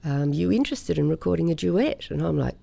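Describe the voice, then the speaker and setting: A woman's voice: low voice, lively intonation, gravelly, mellow. A middle-aged woman from Australia, a singer telling stories in a casual interview and laughing easily. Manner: chatty storyteller, quick to laugh.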